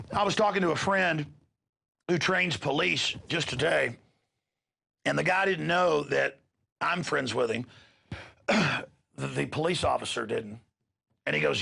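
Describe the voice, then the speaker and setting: A man's voice: high-pitched, gravelly, fairly bright tone, slightly rough. A middle-aged man, hosting a show and delivering an impassioned, emphatic rant to his listeners. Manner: ranting, emphatic, repeats words when worked up. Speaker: radio show host.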